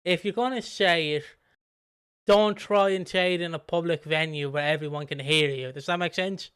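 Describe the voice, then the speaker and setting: Animated guy, smooth and fairly high. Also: moderate pace, no room sound, studio quality. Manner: rambling, animated, swears freely. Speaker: podcast co-host. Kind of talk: casual podcast chat.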